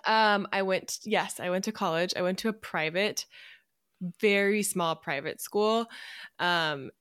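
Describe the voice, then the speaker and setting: A young woman co-hosting a podcast, talking about her own path in casual chat, candid and quick to laugh. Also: medium pitch, fairly bright tone, smooth, no room sound, clean studio sound. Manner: giggly, candid, rambling. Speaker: podcast co-host, interviewee.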